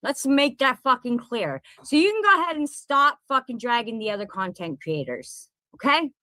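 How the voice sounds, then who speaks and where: High-voiced woman ranting angrily. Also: sing-song, moderate pace, pushed and bright, no room sound. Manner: profane, confrontational, repeats herself. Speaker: content creator. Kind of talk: angry direct-to-camera rant. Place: at home in Pennsylvania.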